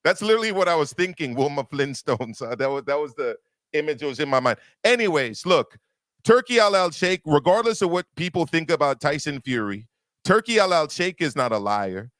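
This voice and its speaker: A man's voice: fairly high pitch, animated, brisk, a bit bright, no room sound. A man hosting a boxing talk show, arguing emphatically and repeating words as he builds his point. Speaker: boxing podcast host. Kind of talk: opinionated casual discussion.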